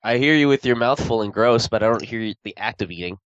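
A man's voice: mid-range voice, quick pace, fairly bright tone, no room sound, muffled recording. A man hosting a casual podcast, joking and rambling, swearing now and then. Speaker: podcast host.

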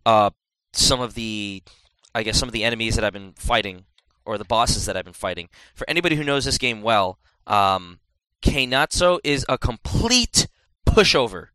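Bright, animated man chatting about games. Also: lowish voice, smooth, no echo, low-quality recording. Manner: animated, excitable, swears freely, quick asides. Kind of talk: casual gaming chat.

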